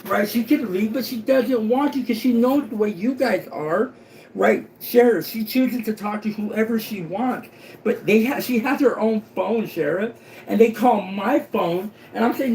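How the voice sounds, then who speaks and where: A high-voiced man making a long, rambling complaint to a sheriff, checking in with "right?" again and again. His voice rings in an echoey room, with a faint hiss under it. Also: normal speed. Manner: rambling, keeps asking "right?".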